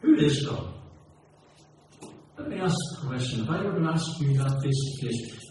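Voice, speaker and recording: A man's voice: medium pitch, lively intonation, normal speed, darkish tone, a little hiss or hum. A man preaching a sermon, building to a rising, rhythmic cadence with repeated questions. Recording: very echoey hall, heard from a distance.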